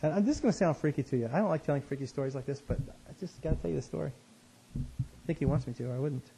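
A man telling a personal story in a conversational sermon, animated and self-deprecating, his voice jumping up high when he gets excited. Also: racing, gravelly, slight background noise. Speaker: speaker, Christian teacher. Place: West Coast of the US.

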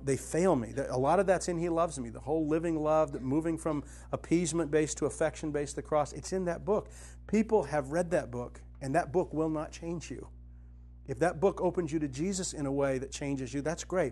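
A middle-aged Christian teacher and author gives a conversational spiritual teaching, earnestly sharing personal stories. His voice drops soft and low, then rises with conviction.

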